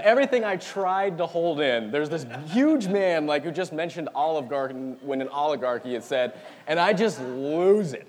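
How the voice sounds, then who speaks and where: Man, young adult pastor, sermon, lively storytelling, laughs often, mid-pitched, long hall reverb.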